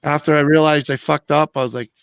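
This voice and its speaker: Host, man, bit higher voice, easygoing cusser, dry close sound. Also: fairly even intonation, fast, gravelly, fairly bright tone, smooth, dry recording. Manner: loose, swearing, rambling. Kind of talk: casual chat.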